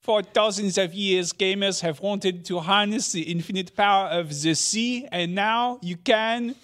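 A man parodying a grandiose male press-conference announcer with booming, over-dramatic delivery. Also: unhurried, a bit bright. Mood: grand.

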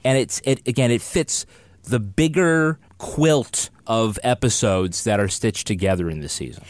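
A man's voice: on the low side, a little slow, no room sound. A man co-hosting a casual podcast, jokey and rambling with fillers. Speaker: podcast co-host.

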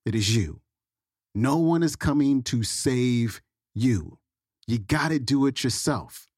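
A man's voice: medium pitch, expressive, slow, darkish tone, breathy edge, dry recording, studio quality. A man hosting a podcast, reading an upbeat, emphatic introduction. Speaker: podcast host.

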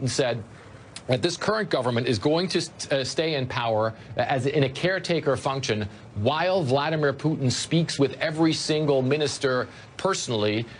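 A man's voice: medium pitch, animated, a little hiss or hum. Man reporting live news. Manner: measured, informative. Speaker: news correspondent.

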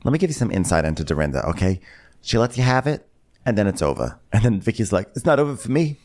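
A man with a somewhat low voice recaps reality TV with sass and flair. He often jumps into high, dramatic impressions of the women on the show. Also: very animated, fast talker, a little mellow. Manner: sassy, dramatic, mimics cast members in raised voices. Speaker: podcast co-host. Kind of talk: casual comedic recap chat.

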